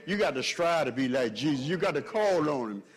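Male pastor, fiery sermon delivery, swings between loud peaks and quiet stretches, slightly higher voice. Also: lively intonation, fairly quick. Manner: preaching with swells in pitch and volume, calls to the congregation.

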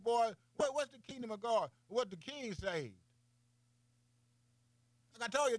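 A man preaching informally, firing off rhetorical questions, calling the listener man, boy and baby, laughing between phrases and swinging between loud and soft. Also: high-pitched, no echo.

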